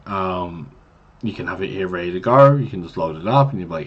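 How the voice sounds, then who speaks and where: A man's voice: low-pitched, lively intonation, fairly quick, slightly rough. A man casually giving tips to new game masters on a livestream, rambling and chatty with many fillers. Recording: dull lo-fi stream mic.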